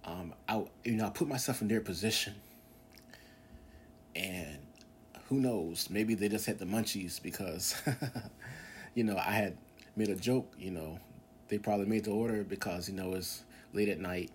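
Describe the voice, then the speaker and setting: With a fairly low voice, a moderate pace, and long pauses, a man in his forties hosts a podcast. His casual religious monologue is earnest and meandering, packed with fillers and restarts. A faint hiss or hum can be heard.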